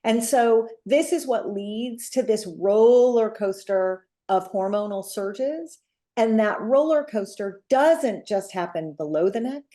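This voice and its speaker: A woman pediatrician explaining in a clear, measured way. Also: medium pitch, dark tone. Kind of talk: explanatory talk.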